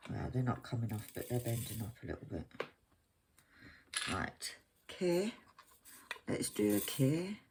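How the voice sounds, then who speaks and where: Slow, rambling woman chatting. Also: a bass voice, sing-song, background noise. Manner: rambling, chatty, self-mocking. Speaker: crafting vlogger. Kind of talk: casual chat while crafting. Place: at home, at her craft desk.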